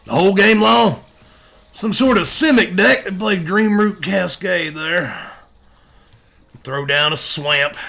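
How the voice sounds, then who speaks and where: A man's voice: mid-range voice, gravelly, sharp tone. A man giving wry, laid-back play-by-play commentary on a card game. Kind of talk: casual gameplay commentary.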